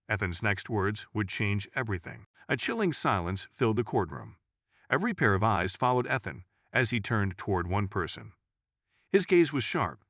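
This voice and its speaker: A man narrating a dramatic courtroom story in a suspenseful, measured reading. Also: fairly low pitch, fairly bright tone, no room sound, studio quality.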